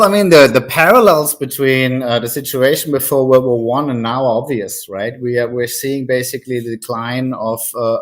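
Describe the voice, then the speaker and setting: A man giving expert commentary as a guest, measured and deliberate, pausing often on "uh" fillers. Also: mid-range voice. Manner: measured, many "uh" fillers between phrases. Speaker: think-tank guest.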